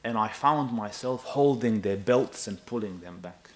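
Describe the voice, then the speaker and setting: A man in his thirties preaching a sermon in an animated, emphatic way, often checking with his listeners. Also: on the low side, a little slow. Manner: animated and emphatic, with asides to the audience.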